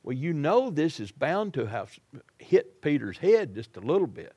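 A man's voice: on the high side, very animated, moderate pace, darkish tone, breathy edge. A man preaching a sermon in a folksy, dramatic way, acting out the people in the story.

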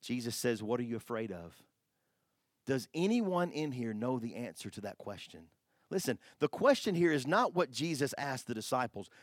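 A pastor preaching a sermon, animated, swinging from hushed asides to loud exclamations. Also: male voice, medium pitch, normal speed, no echo, clean studio sound.

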